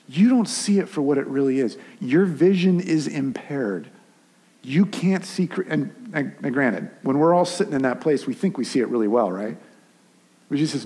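A man preaching a sermon in a lively, conversational way, often acting out short asides. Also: medium pitch, slightly rough, in a large hall. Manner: animated, conversational preaching with restarts and acted asides. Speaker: pastor.

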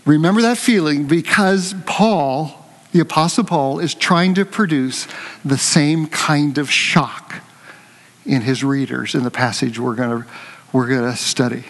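An older man preaching a conversational sermon, telling a lively story and joking with his congregation. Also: a little high, unhurried, big-room sound. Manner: animated storytelling, jokes with the congregation.

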